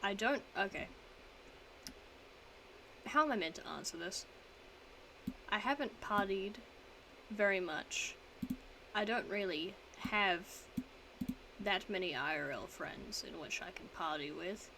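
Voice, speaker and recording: A woman's voice: medium pitch, animated, slow pace, long pauses, pushed and bright, a little hiss or hum, rough recording. A young woman streaming from home, chatting casually as she reads quiz statements aloud and answers them in a rambling, self-mocking way.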